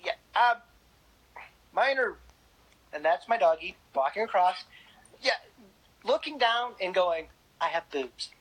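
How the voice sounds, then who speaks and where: A woman's voice: medium pitch, expressive, unhurried, long pauses, poor audio. A woman guest in a casual interview, speaking candidly and bluntly with frequent laughs.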